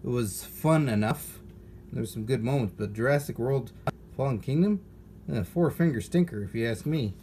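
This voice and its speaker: A man's voice: medium pitch, normal speed, dark tone, slight background noise. A man hosting a toy unboxing, chatting casually with playful jokes and asides. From United States.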